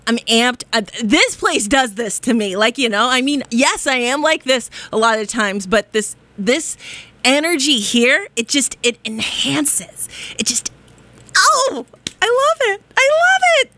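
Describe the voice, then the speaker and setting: A woman's voice: on the high side, animated, unhurried, pushed and bright, no echo. A woman hosting a college radio show, giddy and exuberant, laughing often and whooping in a studio. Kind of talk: bubbly radio chat.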